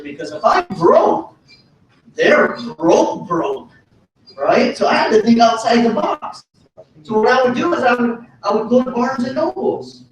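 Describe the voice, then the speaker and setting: A man giving a motivational business talk, telling his story in an animated, folksy way with punchy repetition. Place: hotel ballroom. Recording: echoey hall from far off, faint rumble.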